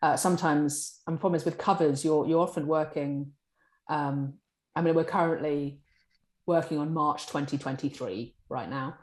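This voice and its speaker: Low-voiced woman, chatty. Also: normal speed. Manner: chatty, animated, acts out colleagues' lines. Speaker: publishing director. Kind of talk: podcast interview answers. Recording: echoey room.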